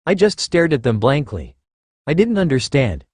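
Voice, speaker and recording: A man narrating a first-person fan fiction story in an expressive reading style. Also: on the high side, normal speed, no room sound, clean studio sound.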